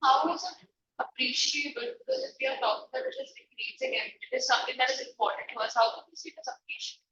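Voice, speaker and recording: A high-voiced woman student asks earnest questions in an online class. Her pitch moves up and down a lot. She sounds distant and echoey over a noisy call. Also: sing-song, quick pace, bright, forceful tone, muffled recording. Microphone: video call.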